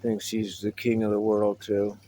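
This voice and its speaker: A man's voice: on the low side, level tone, measured pace, dark tone, low-quality recording. Rambling middle-aged man, wry vlog. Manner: meandering, reminiscing, wry asides. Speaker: vlogger. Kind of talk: casual rambling monologue to camera.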